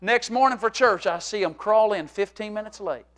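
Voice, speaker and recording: A middle-aged male pastor preaching a humorous, animated sermon to his congregation, moving from quiet talk to shouting. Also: high-pitched, moderate pace. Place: church sanctuary.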